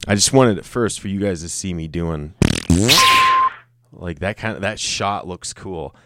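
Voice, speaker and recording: A man's voice: sits low, a little slow, very noisy. A man in his thirties from Colorado, hosting a casual solo podcast, rambling and self-mocking and swearing freely. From Colorado, United States. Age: 30s. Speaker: podcast host. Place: room with a camera and light set up.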